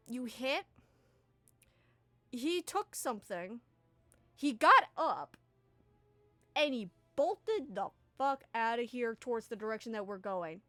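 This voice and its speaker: A woman's voice: sits high, fairly bright tone, no echo, heavily acted. A woman voicing a timid, easily frustrated young man who stammers, curses and breaks off mid-sentence. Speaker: game master voicing a companion.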